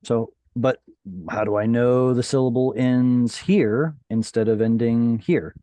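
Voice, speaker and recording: A man's voice: medium pitch, unhurried, mellow, no echo. A man teaching a Hebrew class over a video call, patiently explaining and quizzing his students.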